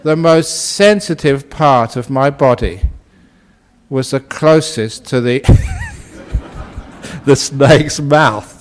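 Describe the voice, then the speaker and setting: This Buddhist monk and teacher, a man, shares a humorous story during a dharma talk in a fairly high voice, very slowly and with frequent pauses, while soft music plays in the background. His style is easygoing and chatty, full of "you know"s, and he laughs often at his own story.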